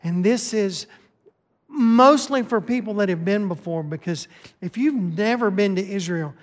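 A man with a notably high voice preaches to his congregation, lively and joking as he calls people up front. His handheld mic rings out with a long reverb through the church sanctuary. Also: a little slow. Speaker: pastor. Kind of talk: sermon with announcements.

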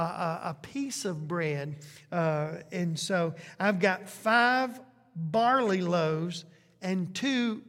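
A man preaching a sermon, questioning his congregation and stretching out phrases for emphasis. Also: high voice. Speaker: pastor. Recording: long hall reverb.

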